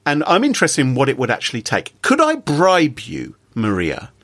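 A man hosting a casual podcast chat, playful and quick with a joke. His pitch rises and falls freely as he tells a story. The sound is close and dry, with no room around it. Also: no room sound. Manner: playful, jokey, animated storytelling. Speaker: podcast host.

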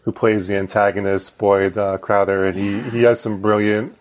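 A man's voice: lowish voice, flat delivery, moderate pace. A middle-aged man co-hosting a podcast, chatting casually in a rambling, joking way with some laughs. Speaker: podcast co-host. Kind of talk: casual chat.

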